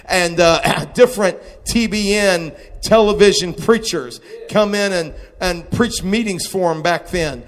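A man preaching a testimony sermon, moving between quiet storytelling and shouted exclamations. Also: high-pitched, unhurried, hardly any pauses. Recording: long hall reverb.

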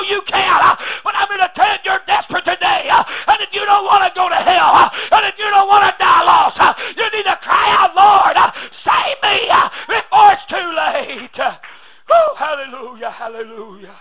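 A man preaching a sermon, starting each phrase with a rhythmic "uh" and breaking into shouted bursts. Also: extremely high pitch. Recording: phone-like raspy audio.

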